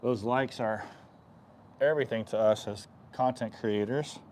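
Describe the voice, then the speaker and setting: A man working as an equine chiropractor, explaining stretches on a live stream while softly soothing the horse and often clearing his throat. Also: medium pitch, unhurried, background noise. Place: horse stall in a stable.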